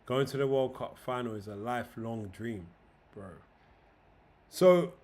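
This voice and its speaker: A man's voice: medium pitch, moderate pace. Slangy young streamer, man. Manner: slangy, swearing, emotional and animated. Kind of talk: casual livestream chat.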